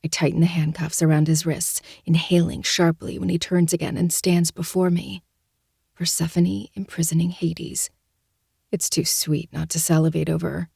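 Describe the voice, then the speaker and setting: A woman reads a first-person romance audiobook in a low, husky, gravelly voice. She keeps a soft, intimate, breathy delivery that stays flat and even, in a dry, dead room. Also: normal speed, dry recording. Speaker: audiobook narrator.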